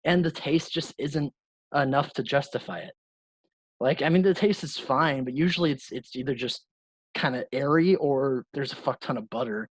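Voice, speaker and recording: A man's voice: mid-range voice, moderate pace, husky, dry recording, poor audio. A young man co-hosting a podcast in casual chat, laughing often and swearing freely as he tells stories. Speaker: podcast co-host.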